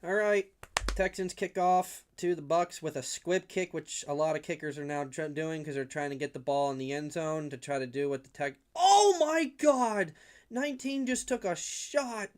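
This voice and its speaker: Streaming from his room at home, a young fan calls the game play-by-play in a smooth, steady voice on the high side at normal speed. His commentary rambles, and big hits get him worked up enough to shout.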